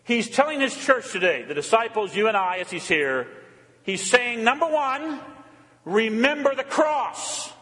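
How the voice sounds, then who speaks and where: A male pastor's very high-pitched, pushed, bright voice moves at an unhurried pace, full of expression. Preaching in a church sanctuary with long reverb, he repeats refrains, asks rhetorical questions, and has the congregation answer him back in call and response.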